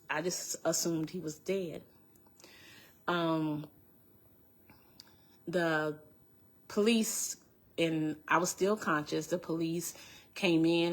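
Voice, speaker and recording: A middle-aged woman with a lowish voice recounts her own testimony very slowly. She is earnest and halting, restarting sentences and repeating key phrases. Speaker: speaker giving a personal testimony. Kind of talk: emotional personal storytelling.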